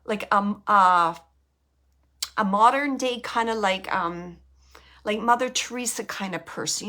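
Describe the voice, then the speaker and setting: A woman medium gives a live reading in a bright, tense, fairly high voice. She talks haltingly, hunting for words through plenty of fillers, and now and then sinks into a hushed whisper. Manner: drops to a hushed whisper at times. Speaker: psychic medium.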